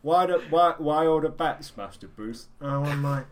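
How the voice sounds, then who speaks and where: A man doing a comic impression of a brooding male superhero, with a slow, muffled, mumbling film-star drawl. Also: on the high side, crowd noise, voice pushed up, lightly acted.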